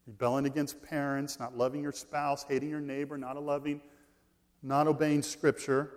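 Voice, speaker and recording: A man preaching a sermon, reading scripture aloud and shifting between loud emphasis and quiet asides. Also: a little high, steady tone. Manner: reads scripture slowly, swings from loud stress to quiet asides. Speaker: pastor.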